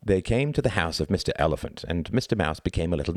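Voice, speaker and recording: A man narrating a novel as an audiobook in a measured, expressive reading. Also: deep voice, dry recording, studio quality.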